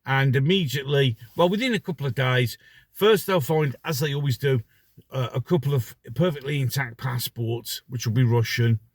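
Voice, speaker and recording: A man's voice: medium pitch, normal speed, no echo. A middle-aged man giving a sarcastic ranting commentary full of rhetorical questions. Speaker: vlogger.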